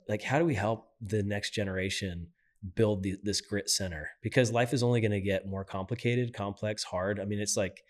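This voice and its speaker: A man hosting an interview, asking long rambling questions full of fillers and restarts. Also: on the low side. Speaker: podcast host. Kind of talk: interview conversation.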